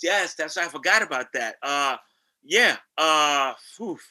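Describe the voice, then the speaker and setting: A man from New York spins lively anecdotes as an interview guest, slipping into other people's voices as he goes. His voice sits high for a man and sounds very bright and forceful. The storytelling is animated and casual. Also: measured pace. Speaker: guest, singer and actor.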